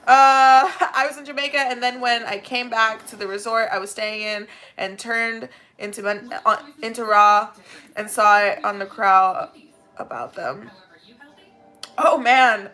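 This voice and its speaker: A woman's voice: fairly high pitch, sharp tone. A woman hosting a watchalong, reacting emotionally, swearing and laughing as she answers chat. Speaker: watchalong host.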